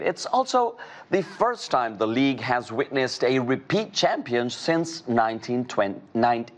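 A male news anchor reading scripted news in a measured, formal way. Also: mid-range voice.

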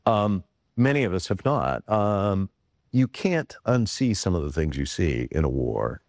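A man hosts a television interview, asking careful, drawn-out questions. His voice is very deep, and the recording is dry and close to the mic. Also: sing-song, darkish tone, no room sound.

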